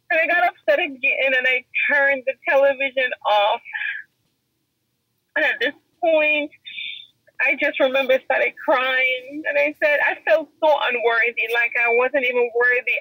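A woman's voice: high voice, a little slow, dry recording. Woman telling her story in an interview, earnest and emotional, kinda dull dry audio. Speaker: podcast guest. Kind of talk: personal testimony in an interview.

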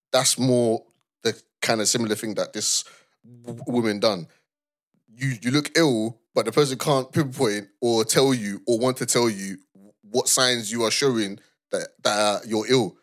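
A man's voice: medium pitch, moderate pace, fairly bright tone. A man co-hosting a casual podcast, reflecting and explaining points through acted-out example exchanges. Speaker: podcast co-host.

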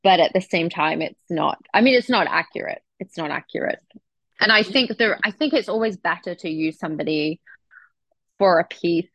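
A woman's voice: fairly low pitch, moderate pace, no echo. A young adult woman from England with an English accent, a guest actress talking casually and chattily in an interview. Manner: relaxed, chatty, with frequent restarts.

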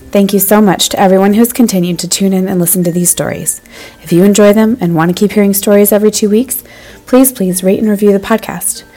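A woman narrates a bedtime-style children's story as host of her podcast. She speaks to young listeners in a lively, friendly manner. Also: mid-range voice, poor audio.

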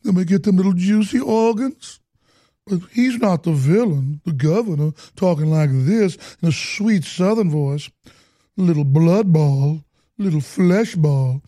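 A man's voice: high voice, a little slow, dark tone, dry recording, clean studio sound. A man putting on a sweet, drawling Southern voice to mock a governor. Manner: mocking, drawling put-on voice.

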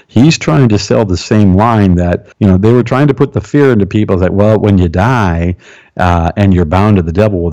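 A man's voice: lowish voice, mellow. A male pastor, a guest on a talk show, speaks emphatically and often checks in with "right?" The recording sounds dull and lo-fi.

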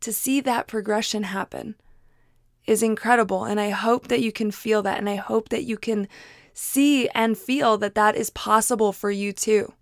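A woman's voice: a little high, no room sound, studio quality. A woman hosting a motivational solo podcast, talking in an earnest, encouraging way and repeating phrases for emphasis. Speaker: podcast host.

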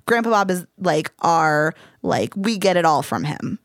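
A woman's voice: lowish voice, lively intonation, a little slow, no room sound, clean studio sound. A young woman from California co-hosting a podcast, chatty and teasing with lots of fillers. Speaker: podcast co-host. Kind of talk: casual chat.

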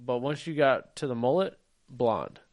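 A man's voice: mid-range voice, lively intonation, unhurried, a little mellow. A man co-hosting a podcast, telling a story in casual chat, acting out quotes and swearing freely. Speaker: podcast co-host.

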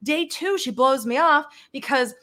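A woman talking over a video call, her voice sitting a little high. She tells stories bluntly and with lots of energy, dropping mild curses along the way. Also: measured pace. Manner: blunt, animated storytelling with mild swearing. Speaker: interview guest. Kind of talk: casual interview chat.

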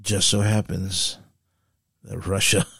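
A man co-hosting a podcast in casual chat, halting and full of fillers, laughing often. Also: low-pitched, flat delivery, creaky, a bit bright, husky, dry recording, studio quality. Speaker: podcast co-host.

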